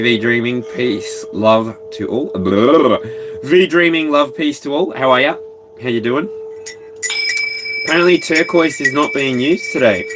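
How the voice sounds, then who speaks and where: A man with an Australian accent hosting a casual tarot livestream from his caravan, rambling playfully and breaking into bits of song. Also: mid-range voice. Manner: rambling, playful, sings snatches of songs. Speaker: tarot reader, livestream host.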